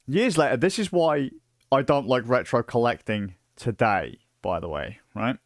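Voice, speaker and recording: This British man, in his late thirties, rambles through casual stream chat at a moderate pace, his voice at an ordinary middle pitch. He swears, fills his talk with fillers and restarts, and tells stories excitably. The recording is close and dry, with no room sound.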